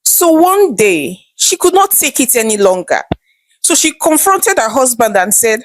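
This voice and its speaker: A woman's voice: on the high side, very animated, measured pace, no echo. A woman narrating a scripted folktale in a dramatic storytelling manner.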